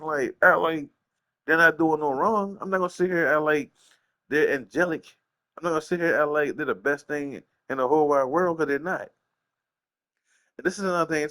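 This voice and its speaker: Young male gaming host, casual slang rants, incredulous pitch jumps. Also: a bit bright. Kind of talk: casual ranting commentary.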